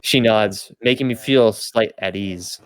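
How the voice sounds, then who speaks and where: A man's voice: lowish voice, measured pace. A young man hosting a podcast, reading fanfiction aloud for comedy, stumbling and correcting himself with laughing asides. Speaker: podcast host and reader.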